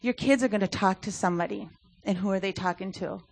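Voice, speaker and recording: A youth ministry speaker, a woman with a medium-pitched, gravelly voice, talks fast as she gives a sermon at a church service. Her delivery is earnest and conversational, sprinkled with frequent fillers.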